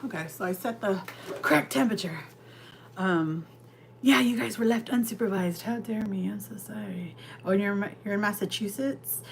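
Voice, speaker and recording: A woman's voice: mid-range voice, a little hiss or hum. A woman from California hosting a live stream, chatting casually and rambling as she answers viewers' comments from her kitchen. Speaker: livestream host. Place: home kitchen.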